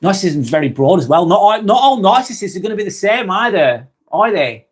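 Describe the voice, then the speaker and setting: A blunt man hosts a live vlog, speaking expressively and swearing as he reads and responds to viewer comments. His voice sits on the higher side for a man. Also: fairly quick, husky. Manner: blunt and expressive, swears freely, acts out quoted abusers. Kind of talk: live stream talk reading chat comments.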